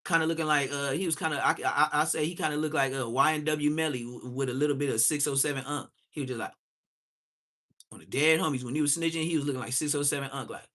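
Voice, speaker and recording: A man's voice: on the high side, fast, sharp tone. Profane, mocking live streamer man. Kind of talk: roasting commentary on a live stream.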